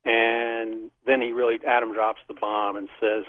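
This middle-aged interview guest has a voice on the low side and takes his time, keeping a level tone. He tells a casual story with animation, frequently laughing, and the phone line sounds tinny.

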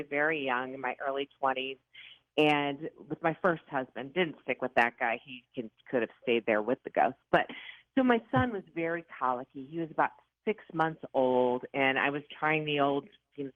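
A woman in her fifties from the Chicago area, a paranormal investigator telling her stories in an interview with lively, dramatic, self-mocking delivery. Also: deep voice, no room sound. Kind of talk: animated storytelling interview. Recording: tinny phone-like line, dry.

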